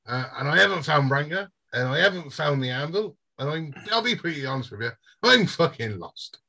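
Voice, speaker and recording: A man's voice: fairly high pitch, expressive, brisk, creaky, bright, forceful tone, voice pushed up, full character voice. A man voicing a lost, weary British dwarf. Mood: candid. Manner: blunt, rambling, swears freely. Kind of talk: game master voicing a character.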